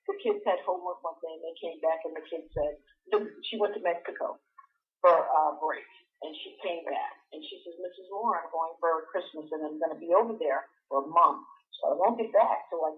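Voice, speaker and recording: A woman's voice: lowish voice, fairly quick. A middle-aged woman teacher tells school stories on a talk-show call and jumps into different voices for each person she quotes. Her voice comes through a thin phone line, cut down to a narrow band. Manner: animated storyteller acting out quoted voices. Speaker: guest teacher. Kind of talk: storytelling in a radio talk show.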